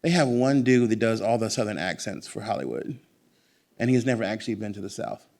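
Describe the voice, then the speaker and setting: A man talking as a guest author at a bookstore event. He is animated and emphatic, and he wanders into long digressions. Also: on the low side, brisk, gravelly.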